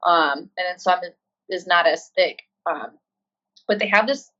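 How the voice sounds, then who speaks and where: A woman's voice: on the low side, unhurried, fairly bright tone. Chatty woman on a dull remote line. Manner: chatty, lots of ums and likes. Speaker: guest, Marine and CrossFit coach. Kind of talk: casual interview answers. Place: living in Australia.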